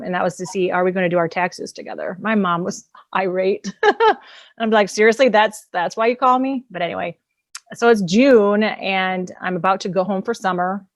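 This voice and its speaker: A woman's voice: lowish voice, fairly even intonation, brisk, dry recording. A woman, an empowerment coach and author, telling her personal story as a guest in a casual, candid way, often laughing between thoughts.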